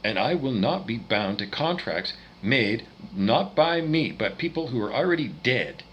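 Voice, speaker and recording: A man from Canada ranting angrily, swearing often and swinging between loud outbursts and quieter muttering. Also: mid-range voice, sing-song, unhurried, slight background noise, rough recording. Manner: profane, agitated ranting with swings in loudness. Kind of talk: angry rant monologue.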